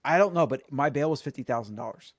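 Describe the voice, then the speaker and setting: A man's voice: medium pitch, expressive, quick pace, no room sound, studio quality. A man hosting a podcast, telling stories in a boastful, rambling way, full of restarts. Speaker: podcast host. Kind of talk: casual chat.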